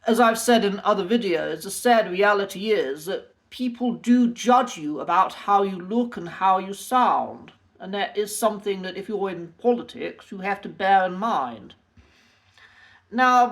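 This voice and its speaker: A man's voice: sits high, a bit bright. Man musing with frequent ums. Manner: hesitant, many ums and uhs. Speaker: accent coach. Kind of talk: casual video commentary.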